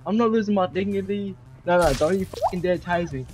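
Defiant male gamer, slightly high voice, distant over loud music. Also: a little fast. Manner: defiant, cursing. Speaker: player in gaming roleplay. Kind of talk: gaming roleplay.

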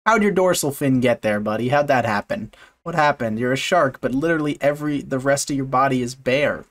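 A man talks through a video as a fish biologist, casual and amused, swearing freely as he mocks what he sees. His voice sits at an everyday middle pitch. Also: brisk, few pauses, fairly bright tone. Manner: sarcastic, profane, amused. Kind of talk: casual reaction commentary.

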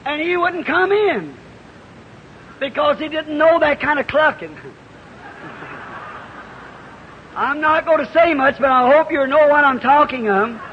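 A man preaching a fervent revival sermon, telling a parable in a storytelling way that rises into shouts. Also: very high-pitched. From United States. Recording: lo-fi 1950s hall recording with hiss.

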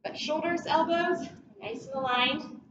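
High-voiced fitness instructor, distant and echoey. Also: female voice, measured pace. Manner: upbeat encouraging cues, counting down. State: out of breath. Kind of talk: guided workout coaching. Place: large echoey gym. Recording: echoey, distant, dull, noisy.

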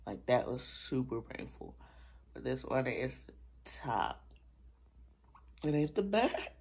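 Gravelly young woman with a sore mouth. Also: rumbling low, big pitch swings, takes it slowly, pauses often, darkish tone. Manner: talks through sore mouth, drops to whispers and laughs. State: sore mouth from new braces. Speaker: vlogger. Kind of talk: casual vlog chat to camera.

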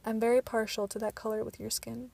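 Woman voicing a brooding young vampire guy in an audiobook, hushed, flat, gravelly tone. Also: on the high side, quick pace. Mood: hushed intense. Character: young male vampire, intense and protective.

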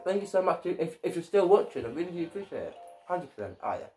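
A man's voice: sits high, expressive, fast, a little mellow, soft background music. A man giving casual let's-play commentary as a gaming YouTuber, often stumbling and repeating his words.

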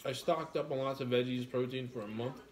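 A laid-back man with a New York accent hosts a casual live stream, chatting while he eats and answering viewers. His voice sits in a middle range, and his manner is joking and unhurried. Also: medium pitch, background noise. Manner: relaxed, joking, reads viewer comments aloud.

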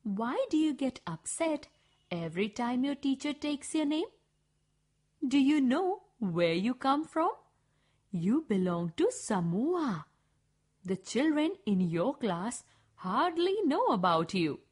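Lady reading as a gentle calm teacher, soft and breathy, unhurried. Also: high-pitched, full character voice. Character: kind, calm female schoolteacher, gently encouraging.

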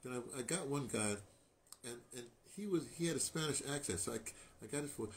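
An older man tells a winding story from his radio career with a rough, gravelly texture in his voice. His pitch sits at an ordinary middle for a man. He gets animated and emotional as he goes, and he restarts and circles back through his sentences. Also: quick pace, a little hiss or hum. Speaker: radio producer and artist. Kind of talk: rambling personal storytelling.

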